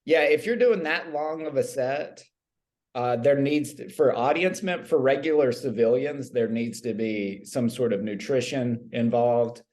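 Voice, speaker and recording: A man's voice: mid-range voice, measured pace, a little mellow. A man co-hosting a comedy podcast, telling made-up stories about his career with a straight face. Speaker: comedian co-host. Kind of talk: deadpan improvised comedy chat.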